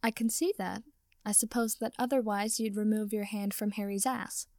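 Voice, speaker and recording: A woman reading the lines of a bright, teasing young witch in an audiobook story, with a dry, mocking manner. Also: mid-range voice, fairly even intonation, moderate pace, no echo, lightly acted.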